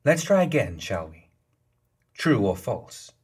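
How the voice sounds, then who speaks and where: A man's voice: fairly low pitch, very animated, slow pace, darkish tone, husky, full character voice. A man reading the lines of a sly, smug female geisha leader in an audiobook, playful and knowing in tone. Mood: smug, teasing.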